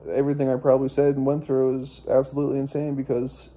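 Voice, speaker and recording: A young man with a very dark, mellow voice rambles through a personal story. He swears freely and keeps restarting his sentences as he talks. His pitch sits in a middling range for a man. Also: completely flat delivery, fast talker. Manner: profane, meandering, frequent restarts and fillers. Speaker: vlogger.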